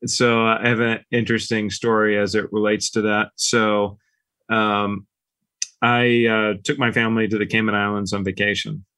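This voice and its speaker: Low-voiced man telling business stories. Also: normal speed, dry recording. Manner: relaxed, anecdotal, acts out quoted dialogue. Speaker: business owner guest. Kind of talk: casual podcast storytelling.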